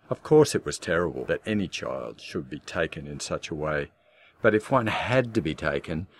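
A man in scripted audiobook narration with a measured, darkly wry storytelling manner. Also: low-pitched.

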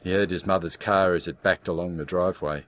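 A man in scripted audiobook narration with a measured, darkly wry storytelling manner. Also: deep voice, steady tone, a bit bright.

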